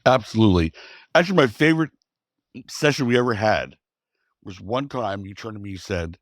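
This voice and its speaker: Animated storytelling man, dry mic. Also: on the low side, brisk, long pauses, dry recording. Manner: animated storyteller, acts out quotes. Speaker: former wrestling promoter, interview guest. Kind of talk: storytelling interview.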